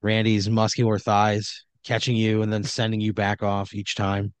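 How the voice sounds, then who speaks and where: Man, low pitch, loose rambling improv storytelling, dry sound. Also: completely flat delivery, normal speed, smooth, no room sound. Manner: rambling, loose, full of fillers. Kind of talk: improvised horror comedy storytelling.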